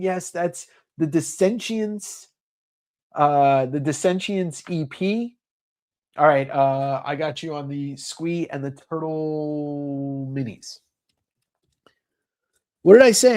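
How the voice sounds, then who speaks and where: A man's voice: fairly high pitch, darkish tone. A man hosting a comic sale livestream in casual sales chat, rambling with lots of fillers.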